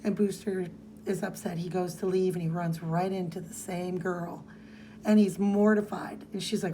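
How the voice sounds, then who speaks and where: Woman, podcast co-host, mellow dark tone, casual comic recap, faint background hiss. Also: on the low side, steady tone, normal speed. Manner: reads comic dialogue aloud in playful voices.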